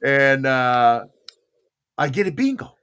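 Lively older man spinning a story. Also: medium pitch, slow, clear, resonant tone. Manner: animated, acts out quoted voices. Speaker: podcast host. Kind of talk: casual storytelling.

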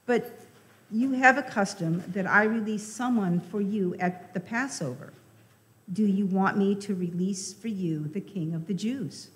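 A woman voicing a stern male Roman governor in a slow, measured scripture reading. The words carry through the long reverb of a church hall. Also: medium pitch, close to an everyday voice. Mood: questioning.

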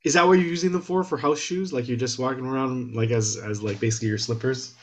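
Man, podcast host, husky voice, casual agreeable chat. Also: medium pitch, quick pace. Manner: agreeable, easygoing, checks in with "right?".

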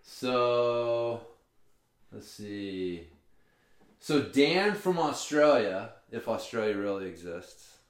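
A man's voice: on the low side, lively intonation, very slow. Profane storytelling man in echoey room. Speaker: podcast co-host. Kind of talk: casual chat, storytelling. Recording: roomy echo.

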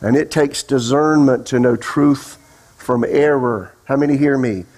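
Emphatic pastor preaching. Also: male voice, mid-range voice, steady tone, measured pace, darkish tone. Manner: emphatic, asks the congregation questions. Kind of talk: sermon. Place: church sanctuary.

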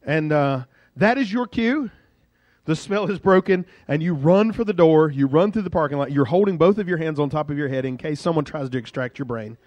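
A male pastor preaching a sermon in a lively, conversational storytelling way. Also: on the high side, a little fast, no echo.

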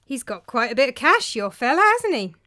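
A woman's voice: sits high, very animated, fairly quick, bright, forceful tone, dry recording, voice pushed up, heavily acted. A woman voicing a blunt, dry-talking young woman friend.

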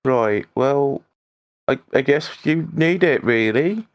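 A man's voice: mid-range voice, lively intonation, slow pace, dry recording. A man playing in a tabletop role-play, mild and musing. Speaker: player.

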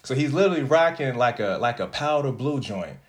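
A man's voice: medium pitch, expressive, brisk. A man telling a story in a casual chat, laid-back and slangy, with plenty of cursing.

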